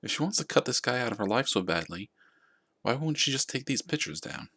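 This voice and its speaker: Gamer guy chatting over a story game, gravelly and husky, voice swings around a lot. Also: mid-range voice, expressive, fairly quick, pushed and bright. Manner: casual, musing and wry, reads choices aloud. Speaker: gaming channel host. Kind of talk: let's play commentary.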